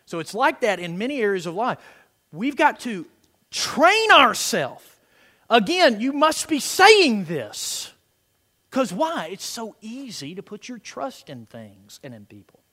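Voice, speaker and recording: A middle-aged man preaches a sermon in a high, bright, sharply edged voice that leaps around in pitch. He drops to soft, murmured prayer and then builds to loud, driving emphasis. His words ring out with a long hall reverb behind them. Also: big pitch swings, unhurried. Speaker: pastor. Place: church sanctuary.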